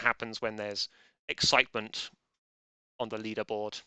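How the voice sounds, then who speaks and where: A man's voice: fairly low pitch, flat delivery, unhurried, pauses often, bright, forceful tone, clear, resonant tone, no room sound. A man hosting a live online quiz, joking drily and rambling. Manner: dry, rambling, self-deprecating jokes. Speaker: quiz host.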